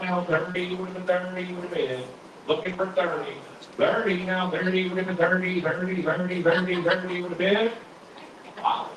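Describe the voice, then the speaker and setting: A male auctioneer rattles off bids in a rhythmic chant, looping the same numbers over and over. His fairly high voice is picked up from across an echoing auction hall, with steady noise all around him. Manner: rhythmic repeating number calls. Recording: distant echoey hall with noise.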